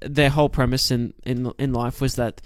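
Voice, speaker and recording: A man's voice: mid-range voice, flat delivery, normal speed, clean tone, dry recording, clean studio sound. A man, co-hosting a casual film podcast and talking in long rambling sentences full of restarts and fillers.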